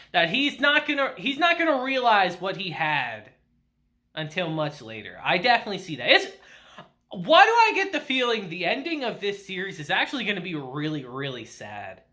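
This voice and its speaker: A man's voice: high voice, bright, forceful tone. A man casually recapping an anime episode as a reviewer, laughing often and acting out the characters' lines.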